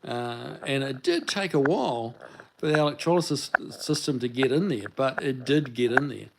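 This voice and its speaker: Brief: New Zealand-accented man, livestream host, easygoing rambling delivery, mid pitch. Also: moderate pace, vocal fry, background noise. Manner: rambling, relaxed, many fillers and restarts. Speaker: livestream host answering chat. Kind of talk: casual livestream chat.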